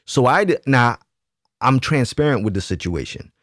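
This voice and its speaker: A man recounting a story straight to camera in a casual, emphatic way. His voice sits at an ordinary middle pitch. The sound is close and dry, with no room in it. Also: lively intonation, moderate pace, fairly bright tone, no room sound. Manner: emphatic, keeps asking "right?". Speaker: YouTube commentator.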